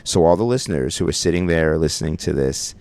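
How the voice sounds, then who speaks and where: Man, very deep voice, gravelly, lively swings in pitch, loose joking podcast chat. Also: fast talker. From Brooklyn, New York. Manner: loose, joking, swears casually. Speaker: podcast co-host. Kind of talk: casual chat. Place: radio studio. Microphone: studio mic.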